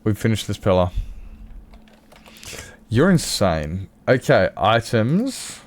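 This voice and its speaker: A man's voice: on the low side, very animated, slow. An Australian man streaming a game, chatting casually and rambling in a self-mocking way with his viewers. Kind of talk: casual live-stream chat while playing.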